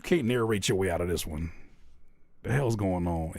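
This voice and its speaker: Animated man hosting a music critique stream. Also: sits low, moderate pace, creaky, long pauses, dry recording. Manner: animated, exasperated ranting with jokes. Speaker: music critique show host. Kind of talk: livestream music feedback, casual and comedic.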